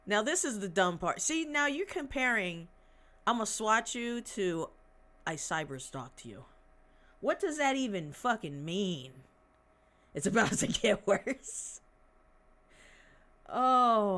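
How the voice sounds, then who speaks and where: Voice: mid-range voice, pushed and bright. A podcast host giving casual, sarcastic commentary on news articles, reading passages aloud and breaking off with mocking, profane asides. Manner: sarcastic, mocking, swears often.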